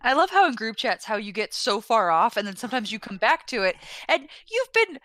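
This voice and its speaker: A woman's voice: a little high, sing-song, fairly quick, fairly bright tone, dry recording. A young woman co-hosting a casual podcast chat in a wry, joking way. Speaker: podcast co-host.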